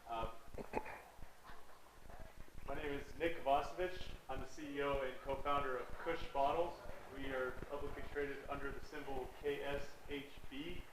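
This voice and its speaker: A man speaks as a company CEO on a panel, in a steady and businesslike manner. His pitch stays flat, and the recording is roomy and distant, with clear room noise behind him. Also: normal speed. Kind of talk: panel self-introduction.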